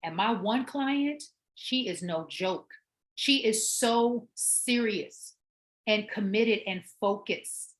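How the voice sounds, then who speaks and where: A middle-aged woman hosting her own show, telling a story as a personal trainer, animated and emphatic and repeating words for effect. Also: mid-range voice, slow. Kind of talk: storytelling monologue.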